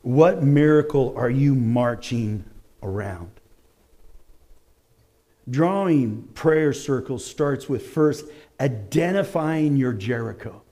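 A man preaching a sermon in an animated way, rising to shouts as he acts out the stories he tells. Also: medium pitch, takes it slowly. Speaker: pastor.

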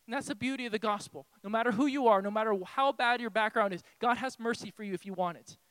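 A man preaching a sermon as pastor in a church, impassioned and pleading, swinging from hushed tones to shouting. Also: sits high, fast talker, clean tone, dry recording. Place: church hall.

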